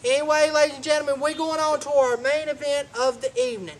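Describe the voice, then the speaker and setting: High-voiced rambling male host. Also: little pitch movement, fast, low-quality recording. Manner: rambling, keeps saying anyway and ladies and gentlemen; joking, talks over his co-host. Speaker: host of a wrestling review show. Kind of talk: casual show recap.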